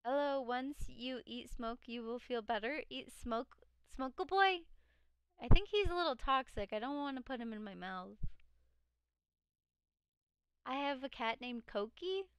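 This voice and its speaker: A tired woman streamer with a high voice, chatting loosely with her viewers and reading out their messages. Her voice cracks now and then. The sound is dry and close, with no room in it. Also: animated, a little slow, clean tone, no room sound. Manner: chatty, reads chat aloud, frequent laughs. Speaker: live streamer. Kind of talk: casual live-stream chat.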